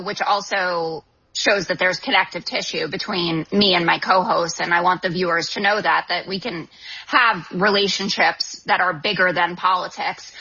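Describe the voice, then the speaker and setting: A woman's voice: on the low side, sharp tone, slightly rough. A woman in her thirties, a guest author and TV political commentator, answering call-in questions in an articulate, assertive way with frequent "um" fillers. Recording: dull lo-fi broadcast audio.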